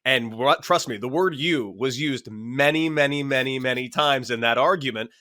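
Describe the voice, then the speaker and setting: A man in his thirties, a former pro ballplayer on a sports talk show, telling stories with lively, animated delivery. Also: medium pitch, moderate pace. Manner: lively, animated storyteller, acts out both sides of arguments. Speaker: former pro baseball catcher, show panelist. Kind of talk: casual sports talk storytelling.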